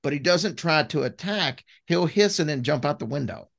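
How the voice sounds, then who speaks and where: A man's voice: a little high, expressive, normal speed, gravelly, a bit bright. A man co-hosting a podcast in an easygoing, rambling casual chat. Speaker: podcast co-host.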